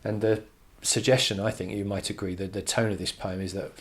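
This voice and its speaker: Male teacher, slightly low pitch, thoughtful, restarts often while analysing a poem. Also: level tone, a little fast, few pauses. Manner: thoughtful, many restarts, reads quotes with emphasis. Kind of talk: poetry analysis lesson.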